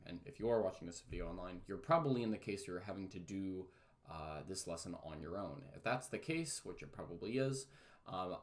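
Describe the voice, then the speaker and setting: Chatty male teacher, lowish voice. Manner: chatty, many fillers, self-mocking jokes. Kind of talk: casual recorded history lesson.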